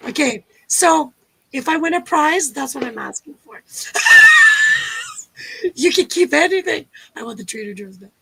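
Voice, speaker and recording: A woman's voice: sits high, lively intonation, normal speed, creaky, no room sound, shouting, rough recording. A woman from Canada co-hosting a livestream, chatting casually with playful teasing jokes. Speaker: co-host.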